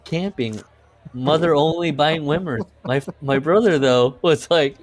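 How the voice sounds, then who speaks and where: A man's voice: on the high side, a little slow, no echo. A man co-hosting a podcast, telling rambling stories in casual chat, laughing often and swearing. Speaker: podcast co-host.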